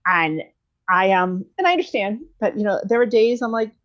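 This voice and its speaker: A woman's voice: mid-range voice, normal speed. A woman in her thirties talking candidly in an interview, rambling with many fillers and restarts. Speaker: guest. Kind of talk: conversational podcast interview. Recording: dull lo-fi sound.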